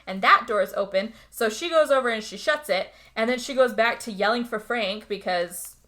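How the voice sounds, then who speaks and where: A woman co-hosting a podcast, recapping a movie in casual chat as an animated storyteller who swears freely. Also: on the high side, normal speed. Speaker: podcast co-host.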